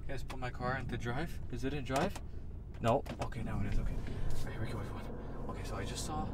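A man's voice: fairly high pitch, a little hiss or hum. Jumpy, frightened man vlogging from his car. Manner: jumpy, excitable, frightened exclamations. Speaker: YouTuber. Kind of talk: staged spooky vlog. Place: inside his car at night.

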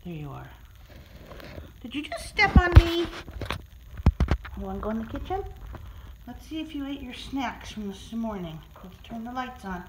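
A pet sitter in a client's home, cooing in high sing-song baby talk to a cat while filming on a handheld phone. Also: female voice, animated, fairly quick, noisy background. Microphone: handheld phone camera.

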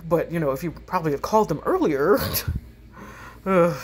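A woman's voice: fairly low pitch, animated, moderate pace, a little hiss or hum. A woman reading a creepy text story aloud and breaking in with sarcastic asides. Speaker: story narrator.

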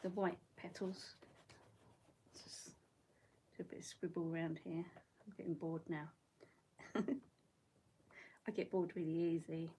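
A woman's voice: fairly low pitch, steady tone, slow pace, pauses often, dark tone, a little hiss or hum. A middle-aged woman chatting casually while she paints in her bedroom, rambling and laughing often. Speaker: watercolour artist.

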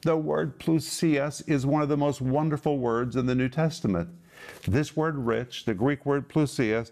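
A man's voice: mid-range voice, unhurried, a little mellow. A man, a television Bible teacher, who preaches emphatically and stretches out key words as he explains Greek terms. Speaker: pastor.

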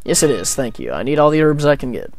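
A man's voice: mid-range voice, sing-song, quick pace, a little mellow. A man casually commenting while playing a video game, rambling and joking at his own expense. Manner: rambling, jokey, self-deprecating. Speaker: let's play gamer.

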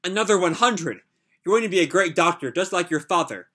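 A man's voice: high-pitched, lively intonation, fairly quick, pushed and bright, exaggerated voice. A man reading as a pushy doting mother. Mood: coaxing.

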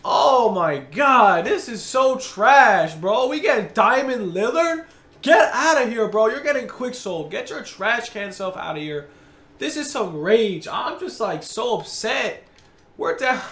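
A man's voice: high voice, a bit bright. Exasperated young man ranting over game packs. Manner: exasperated, ranting, frequent groans and sighs. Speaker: gaming video creator. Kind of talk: video game pack opening commentary. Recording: roomy echoey recording.

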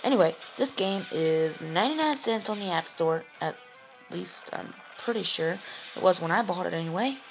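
An excitable man narrating his gameplay, often shouting and whooping. His voice is gravelly and swings widely in pitch, and it sounds sore. The talk is casual and rambling. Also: moderate pace, soft background music, rough recording. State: voice getting sore. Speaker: gaming channel host. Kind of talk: gameplay commentary.

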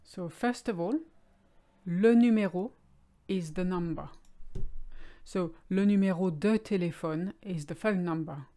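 A woman teaching French vocabulary in a clear, explanatory way, slowing down on key words. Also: on the low side, mellow. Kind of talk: language lesson.

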